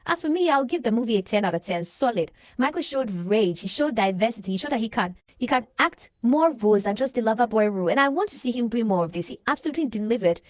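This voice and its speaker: A young woman tells a film's story in a lively, animated way, slipping into the characters' voices as she goes. Her voice sits a little high, and the recording is close and dry with no room sound. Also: quick pace, few pauses, dry recording. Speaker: movie reaction vlogger. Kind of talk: casual movie recap and reaction.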